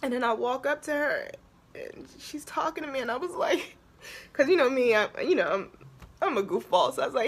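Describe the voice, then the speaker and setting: Woman vlogger, husky voice, confessional and raw, halting delivery veering from nervous laughs to near tears. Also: high-pitched, lively intonation. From Baltimore area, USA. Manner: emotional, halting, shifts between laughter and tears. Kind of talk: personal confessional vlog.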